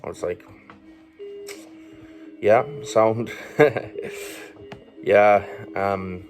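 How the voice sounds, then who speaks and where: A man with an Irish accent tells a story in a low, level voice that barely rises or falls. His delivery is loose and rambling, full of fillers and swearing. Faint music plays softly behind him. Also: steady tone, drawn-out words. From Ireland. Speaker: vlogger. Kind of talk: casual storytelling monologue.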